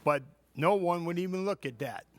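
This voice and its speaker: A man's voice: high-pitched, expressive, moderate pace. A man from Louisiana making an indignant public comment at a city council meeting, asking pointed rhetorical questions. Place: council chamber.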